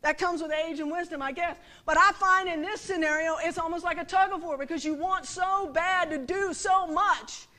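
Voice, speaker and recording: A woman's voice: very high-pitched, normal speed, few pauses, pushed and bright. A middle-aged woman giving a conversational sermon, often checking that listeners follow her with rhetorical questions. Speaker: preacher.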